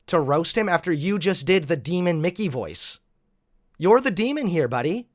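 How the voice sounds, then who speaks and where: A man's voice: on the high side, lively intonation, moderate pace, no room sound, studio quality. A man giving sarcastic, exasperated commentary while reacting to clips.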